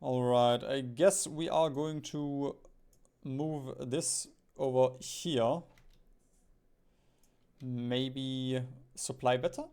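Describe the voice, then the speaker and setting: Streaming a strategy game, this young man muses aloud and frequently chuckles while he plays. He speaks in a mid-range, steady voice with drawn-out words and long pauses, sounding a little mellow, clear and resonant.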